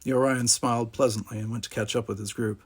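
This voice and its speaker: A man narrating a storybook aloud, animated, giving each character its own voice. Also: mid-range voice, quick pace, slightly rough.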